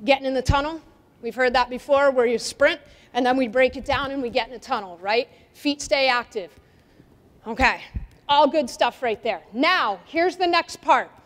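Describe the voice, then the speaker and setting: A woman soccer coach with a high voice leads players through a defending drill, calling out instructions and asking them questions. Her energetic voice rings with the long reverb of an indoor gym hall. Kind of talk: coaching clinic demonstration.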